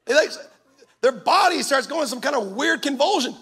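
A man with a strikingly high voice, gravelly at the edges and bright in tone. He preaches a sermon as a pastor, with impassioned, punchy delivery. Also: animated, normal speed.

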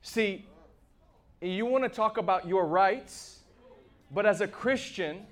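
A man preaching a sermon with passion, moving between shouts and hushed asides. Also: sits high, slow.

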